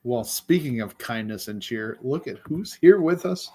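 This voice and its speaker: A man's voice: medium pitch, lively intonation, moderate pace, hardly any pauses, dark tone, husky. A man co-hosting a live chat show, playful and teasing, laughing often. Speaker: co-host and tech producer. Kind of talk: casual livestream banter.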